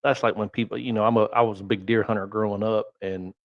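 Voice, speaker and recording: A man with a Southern drawl, a podcast guest, telling folksy anecdotes in relaxed, casual chat. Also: lowish voice, fast talker, no room sound, lo-fi sound.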